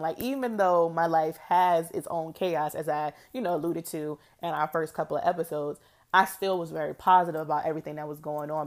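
A woman hosting her own podcast, talking alone in a chatty, reflective way with lots of fillers and frequent laughter. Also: fairly low pitch. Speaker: podcast host. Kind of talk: casual solo podcast monologue.

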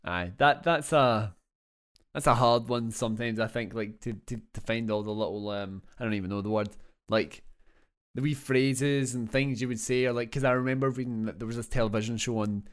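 A man's voice: mid-range voice, brisk. Rambling, jokey Scottish man. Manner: rambling, jokey, lots of fillers. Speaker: podcast co-host. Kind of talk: casual film chat.

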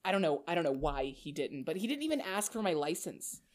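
A woman's voice: sits low, big pitch swings, a little fast. A young woman co-hosting a podcast, telling a story in casual chat with stammers and restarts. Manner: storytelling, stammers when retelling nervous moments. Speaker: podcast co-host.

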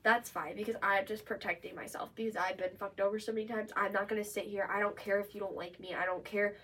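Young woman co-host, mid pitch, blunt defiant rant, a little distant from the mic with faint noise behind. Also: fairly even intonation, quick pace, fairly bright tone. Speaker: podcast co-host. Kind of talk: casual chat.

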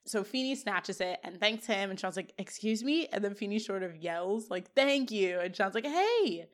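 A woman's voice: medium pitch, normal speed. Chatty young woman recapping a sitcom. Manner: animated retelling with quoted lines. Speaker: podcast co-host. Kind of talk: casual recap chat.

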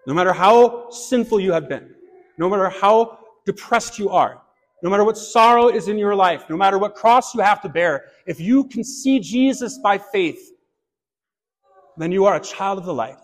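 High-voiced man preaching in an echoing church. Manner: earnest preaching, shifts to light anecdote. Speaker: pastor. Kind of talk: sermon. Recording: long reverb of a church hall.

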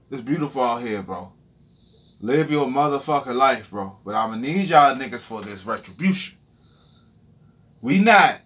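A man's voice: on the high side, fairly bright tone. A young man giving a heated, profane, preachy freestyle rant monologue.

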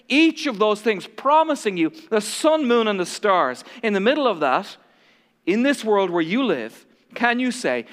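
A man's voice: high-pitched, sing-song, unhurried, a bit bright. A male pastor preaching an impassioned, dramatic sermon to a congregation in a large church hall. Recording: long hall reverb.

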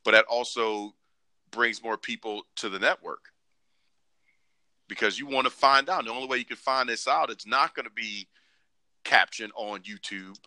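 A man co-hosting a podcast in casual chat, joking and acting out quoted lines in squeaky voices. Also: dry recording. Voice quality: animated, joking, acts out quotes in high voices. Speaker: podcast co-host.

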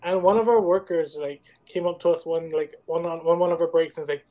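A man tells an animated, slangy story among friends. His voice sits high, yet the tone stays dark and mellow. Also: a little fast. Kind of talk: casual chat, storytelling.

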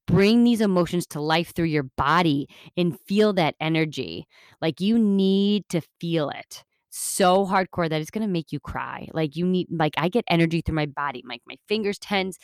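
A woman's voice: on the low side, smooth, dry recording, studio quality. A woman hosting a self-help podcast, talking in an earnest, rambling, motivational way with lots of fillers. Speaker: podcast host.

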